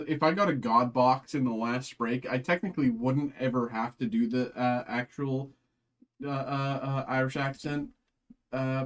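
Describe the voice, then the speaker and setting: A man with an ordinary mid-range voice hosts a live card break. He chats casually and rambles, with plenty of fillers and restarts. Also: mid-range voice. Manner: chatty, rambling, lots of fillers.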